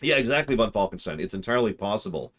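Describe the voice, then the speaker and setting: A man's voice: fairly low pitch, lively intonation, racing, a bit bright. A man streaming a game and chatting with his viewers, rambling as he works through puzzles aloud. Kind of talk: casual livestream commentary.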